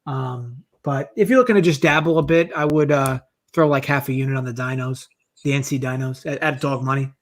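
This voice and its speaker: A man's voice: mid-range voice, a little fast. A man from New Jersey talking through sports bets on a casual podcast, hesitant and full of fillers. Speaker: sports bettor. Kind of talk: casual betting podcast chat.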